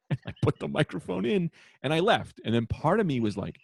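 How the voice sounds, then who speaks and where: A man, a comedian guest, telling heckler stories in casual podcast chat, profane and animated. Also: on the high side, moderate pace, vocal fry, breathy edge, dry recording, studio quality. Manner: profane, animated, acts out shouted quotes.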